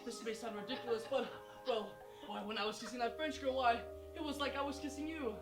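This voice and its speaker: Girl doing a sappy lovestruck groom, kinda high, stage mic far, music under it. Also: steady tone, fairly quick, natural voice. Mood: pleading. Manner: earnest, pleading. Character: earnest lovesick young groom. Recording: echoey stage sound from afar, music.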